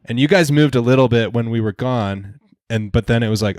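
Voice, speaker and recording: A man's voice: medium pitch, fairly even intonation, fairly quick, darkish tone, no echo. A man with a mid-range voice recalls a mission, circling back with repeated phrases. The sound is dry and close. His talk is loose and conversational. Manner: reminiscing, repeats "I remember". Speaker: guest, A-10 pilot. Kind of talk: casual podcast storytelling.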